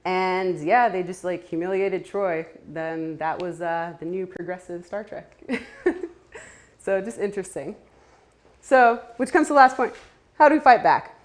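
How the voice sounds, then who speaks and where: A woman's voice: on the low side, a little slow. Chatty woman talking to a crowd. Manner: chatty, laughing asides, many fillers. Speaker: community speaker. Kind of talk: casual talk to a live audience.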